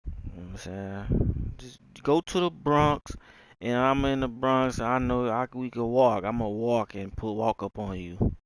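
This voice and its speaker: Gravelly-voiced Texan man rambling. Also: mid-range voice, measured pace, slight background noise, poor audio. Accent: Southern US, Texas. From Texas. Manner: slangy, drawling, jumps between topics. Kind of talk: rambling casual monologue.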